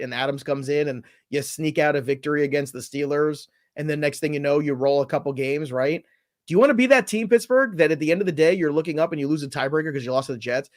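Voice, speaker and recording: Man, fantasy football co-host, slightly high voice, emphatic, excitable, casual chat. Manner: excitable, emphatic, quick to rant.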